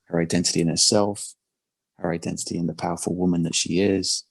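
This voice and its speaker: Brief: male coach, low husky voice, dry close sound, earnest and halting. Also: flat delivery, no echo. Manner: earnest, repeats words and restarts often. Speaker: performance coach. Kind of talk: casual podcast conversation.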